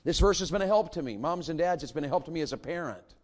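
A man's voice: fairly high pitch, lively intonation, fast. A middle-aged man, preaching a sermon and firing rhetorical questions at his congregation. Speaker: pastor.

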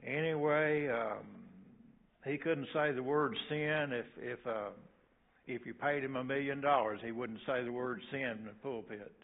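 An older man preaching a sermon as pastor, halting and repeating words, with folksy asides. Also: mid-range voice. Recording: tinny phone-like sound.

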